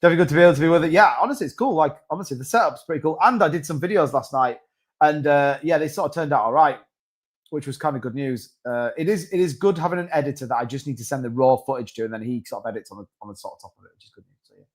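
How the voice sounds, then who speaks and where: A man's voice: on the high side, very fast. A man hosting a casual crypto live stream, rambling and reading out viewer comments.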